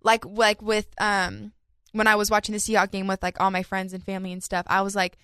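A woman's voice: medium pitch, completely flat delivery, a little fast, bright, forceful tone, clean tone, no echo, clean studio sound. A young woman co-hosting a podcast, chatting casually and telling stories with acted-out quotes. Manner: chatty storyteller, acts out quotes of family. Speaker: podcast co-host. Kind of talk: casual chat.

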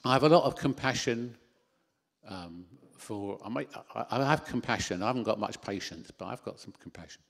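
A man preaching a sermon into a handheld microphone in a church hall, animated, with self-deprecating asides. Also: on the low side, moderate pace, gravelly.

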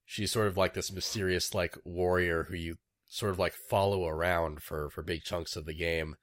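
A lower-pitched man talks casually and enthusiastically, trailing off into fillers as he goes. The sound is dry and close. He rambles warmly through his thoughts. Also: fairly even intonation, moderate pace, dry recording. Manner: rambling and enthusiastic, many fillers, imitates creature noises. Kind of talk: casual chat about a video game.

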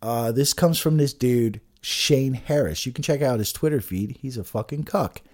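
A man's voice: mid-range voice, moderate pace, darkish tone. A man giving an agitated, profane political rant, full of restarts and swearing. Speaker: political commentator. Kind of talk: ranting political monologue.

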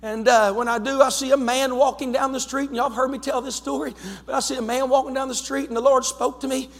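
A male pastor with an Ohio accent, preaching a fervent storytelling sermon that builds toward shouting. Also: very high voice, little pitch movement, fast. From United States. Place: church sanctuary. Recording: long church hall reverb.

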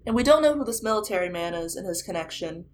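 A woman's voice: fairly low pitch, fast, slight background noise. A woman casually retelling a ghost story to a friend, acting out the quotes as she goes. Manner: animated retelling with acted quotes. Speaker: podcast co-host retelling a ghost show.

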